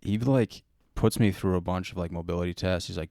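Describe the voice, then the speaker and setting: A man's voice: sits low, steady tone, fairly quick, darkish tone, clear, resonant tone, no echo, clean studio sound. A young man, hosting a podcast and rambling through a story in loose, casual chat. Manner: rambling storytelling with many likes and mans. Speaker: podcast host.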